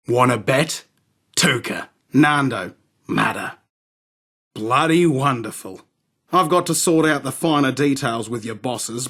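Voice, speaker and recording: A man's voice: fairly high pitch, fairly bright tone, heavily acted. A man voicing a crude, swaggering arms dealer from in a game, sardonic and rude. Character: cocky, crude male London arms dealer. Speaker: game character. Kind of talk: game voice acting.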